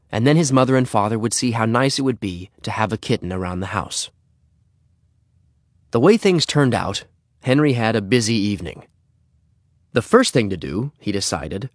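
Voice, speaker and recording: Low-voiced, animated storybook narrator. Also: male voice, no echo, clean studio sound. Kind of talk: storybook reading.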